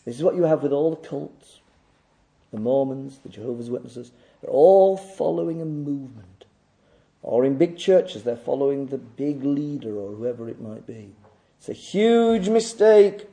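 A man's voice: medium pitch, normal speed, creaky, warm tone. A male preacher delivering a sermon, pressing his listeners with rhetorical questions and emphatic repetition.

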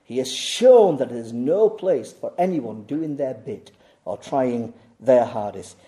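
A man with a medium-pitched voice and lively intonation preaches at a measured pace. His emphatic sermon repeats key words and questions the congregation rhetorically, rising to urgency and dropping to asides.

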